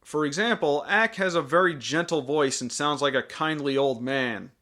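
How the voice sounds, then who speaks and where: A man delivering scripted film review commentary. He talks with a sarcastic, jokey edge. His voice sits slightly high. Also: normal speed, sharp tone.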